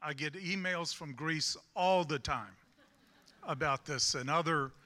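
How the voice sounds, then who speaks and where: Folksy high-voiced Southern preacher. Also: male voice, a little slow, pushed and bright. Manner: folksy, rambling, with self-deprecating humor. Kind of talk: sermon.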